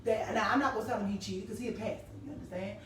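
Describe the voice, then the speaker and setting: A woman's voice: medium pitch, steady tone, rapid-fire, a bit bright. A woman hosting a casual live-stream talk show, telling stories animatedly and reading viewer comments aloud. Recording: echoey room, distant mic, faint noise.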